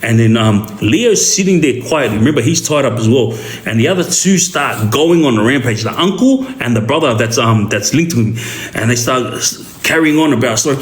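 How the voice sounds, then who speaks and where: A man with an Australian accent telling a street story in a casual, animated way, often checking in with the listener. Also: mid-range voice, moderate pace. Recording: roomy echo.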